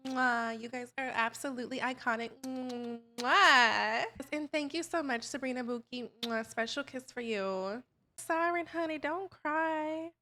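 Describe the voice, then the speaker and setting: A woman hosting a life-sim dating show on a stream, sassy and animated. Her voice sits high and sounds bright and forceful. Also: measured pace, few pauses. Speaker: streamer hosting a game series. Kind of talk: playful game show hosting.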